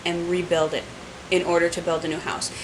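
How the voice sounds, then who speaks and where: A woman from New York with a New York accent, hosting a casual podcast chat, talkative and quick to laugh and play with words. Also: lowish voice, little pitch movement, background noise. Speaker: podcast host.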